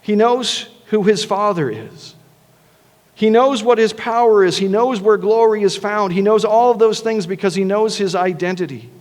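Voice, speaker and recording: In a church sanctuary, a man preaches as pastor with a high, somewhat dark voice at a moderate pace, trailed by long reverb. He is earnest, talks conversationally, and often begins his words again.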